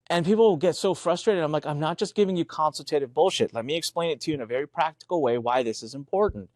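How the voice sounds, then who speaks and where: A man with a voice on the high side and a darkish tone talks fast with few pauses, recorded in a clean studio with no room sound. He co-hosts an animated business podcast, emphatically telling stories, acting out dialogue, and swearing casually.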